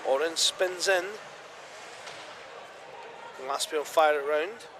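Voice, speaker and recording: High-voiced British man calling hockey. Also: background noise. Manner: brisk calls that jump to excited shouts at big chances. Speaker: ice hockey commentator. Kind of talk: live play-by-play commentary.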